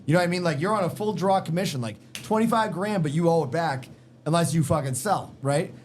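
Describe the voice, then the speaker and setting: A man's voice: a little high, fast talker, darkish tone, slight background noise. A middle-aged man with a slight Boston accent, telling work stories as a podcast guest in a blunt, profane, emphatic way. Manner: profane, emphatic, street-smart. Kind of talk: casual storytelling chat. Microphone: podcast microphone in a garage.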